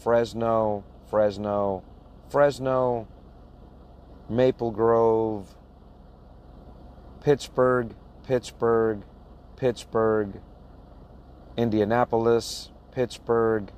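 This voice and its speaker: Over slight background noise, a box truck owner-operator vlogger reads a list of places in a medium-pitched, slightly mellow voice with flat delivery. He's slow and plain-spoken, laughing at the names he mispronounces.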